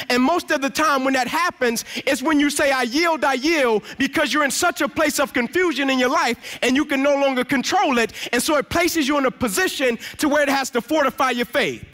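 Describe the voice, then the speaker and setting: A man's voice: very high-pitched, bright, forceful tone. A man in his thirties giving an emphatic motivational sermon as a guest speaker in a church, telling a personal story and acting out the dialogue.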